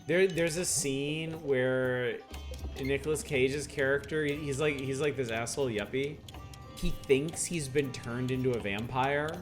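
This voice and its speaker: A man's voice: mid-range voice, measured pace. A man chatting casually with his viewers while he streams a video game. He rambles, greets chat by name and laughs often. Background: game music.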